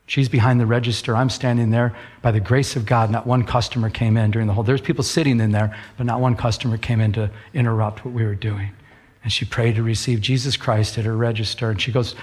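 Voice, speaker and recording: A man delivers a sermon in a husky, slightly breathy voice. He tells his story in an earnest, conversational way, with the easy pace of a pulpit talk. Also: mid-range voice, level tone, a little fast, a little mellow, faint music behind. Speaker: pastor.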